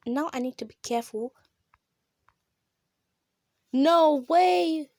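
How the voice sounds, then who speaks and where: A woman with giving casual, excitable commentary while playing a mobile game, gasping and shrieking at close calls. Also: high voice, slow, gravelly, pauses often, dry recording. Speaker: gamer.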